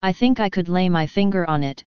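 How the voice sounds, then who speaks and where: A woman voicing a calm, assured male detective who speaks quietly and measured. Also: fairly low pitch, clear, resonant tone, dry recording, dull audio, lightly acted.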